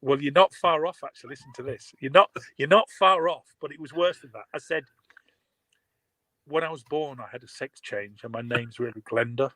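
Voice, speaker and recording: A man's voice: a little high, fairly quick, poor audio. A man, animatedly telling a story over a video call. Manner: animated storyteller, laughs often. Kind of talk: casual video call chat.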